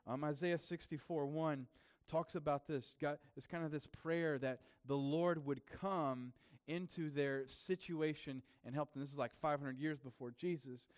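A man's voice: a little high, fairly even intonation, unhurried. A man preaching a sermon as pastor, in a casual, conversational way with frequent fillers and restarts.

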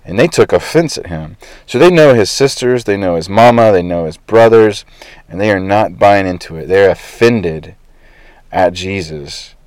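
Low-voiced man preaching casually. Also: normal speed, darkish tone, no room sound. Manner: conversational preaching with fillers. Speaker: pastor. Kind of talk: sermon.

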